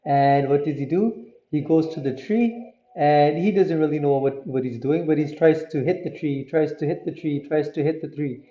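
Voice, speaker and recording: A man telling a religious story to children, lively and often asking his listeners questions. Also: on the high side, moderate pace. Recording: muffled, roomy recording.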